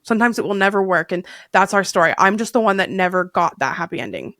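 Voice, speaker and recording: A woman's voice: mid-range voice, lively intonation, fast, fairly bright tone, no room sound, studio quality. A woman in her thirties chatting candidly as a podcast guest, rambling with fillers and restarts. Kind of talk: candid casual chat.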